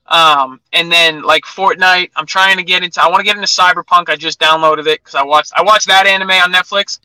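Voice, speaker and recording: A man's voice: high voice, steady tone, fairly quick, bright, forceful tone, clear, resonant tone, no echo, low-quality recording. A young man chatting casually as an interview guest, telling stories with lots of "like". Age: young adult. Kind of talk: casual chat.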